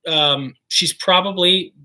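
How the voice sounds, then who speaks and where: Young male co-host, bright voice, chatty and enthusiastic. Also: high-pitched. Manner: chatty, enthusiastic, quick asides. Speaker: co-host of a singing channel. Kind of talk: casual livestream chat.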